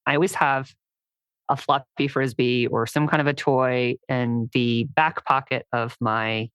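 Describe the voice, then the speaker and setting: A woman with a notably low voice co-hosts a casual chat, trading dry jokes. Her voice sounds close and dry. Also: steady tone, unhurried, clear, resonant tone, no room sound. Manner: dry joking, frequent laughs. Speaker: podcast co-host, dog handler.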